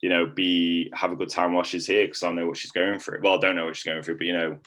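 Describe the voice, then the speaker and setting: Low-pitched and flat in delivery yet fast and fairly bright, a young coaching client gives a casual testimonial. He rambles, filling it with plenty of "like."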